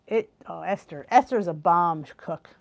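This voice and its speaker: Speaking a little slowly in a lowish voice with vocal fry, a chatty middle-aged woman hosts a live cooking stream from home through a computer video call. She reads out viewer comments, gasps and drifts off mid-thought, tired and yawny from the heat.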